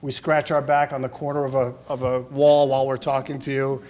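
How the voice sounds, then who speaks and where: A man's voice: mid-range voice, level tone, a little fast, hardly any pauses. Middle-aged man telling fond eulogy stories. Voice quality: warm storytelling, chuckles through stories. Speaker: son giving a eulogy. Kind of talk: eulogy with humorous anecdotes. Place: funeral chapel.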